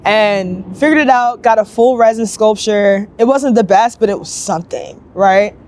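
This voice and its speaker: A young woman sculptor telling her story in a casual, upbeat interview, chatty and lively, acting out other people's lines as she goes. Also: mid-range voice, slight background noise. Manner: chatty, upbeat, quick bursts, acts out quoted voices.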